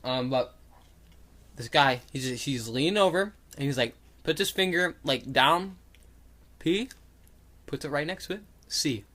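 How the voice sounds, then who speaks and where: A man's voice: on the high side, animated, a little slow, long pauses, bright, forceful tone. A young man co-hosting a podcast, telling a story in casual chat, rambling with lots of fillers and acting out what people said. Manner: rambling, filler-heavy, acts out quotes animatedly. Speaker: podcast co-host.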